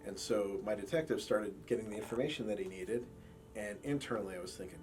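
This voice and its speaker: A man's voice: fairly low pitch, fast talker. A man who works as a campus police officer and handles a support dog, telling stories in a documentary interview and acting out quoted dialogue as he goes. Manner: relaxed storytelling with quoted dialogue.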